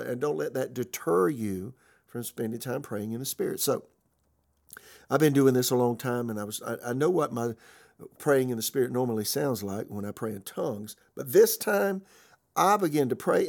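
A man's voice: medium pitch, creaky, darkish tone. A man pastor teaching in a conversational sermon style, telling a personal story with many fillers and restarts.

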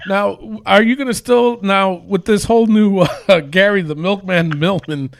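A man's voice: high voice, fairly even intonation, measured pace, gravelly, no echo. A man co-hosting a podcast, asking questions and reacting with short exclamations. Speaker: podcast co-host. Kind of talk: podcast interview.

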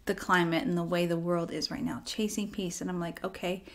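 A woman giving a personal devotional talk in a conversational way, acting out her own inner dialogue and dropping to a soft near-whisper at tender moments. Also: fairly low pitch, steady tone, brisk. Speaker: devotional speaker.

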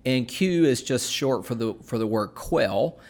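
A man of medium pitch talks through an explanation in a loose, conversational way. He pauses often, restarts sentences and fills gaps with "um" and "uh". His tone stays steady and plain, like a co-host teaching his partner. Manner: unhurried, with many fillers and restarts. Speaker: podcast co-host explaining scripture. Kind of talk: casual explanatory chat.

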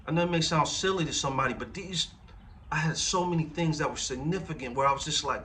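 A man's voice: a little high, quick pace, a bit bright, recorded from a distance, a little hiss or hum. A man in his forties preaching a conversational sermon as pastor, often checking in with the congregation through rhetorical questions. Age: 40s.

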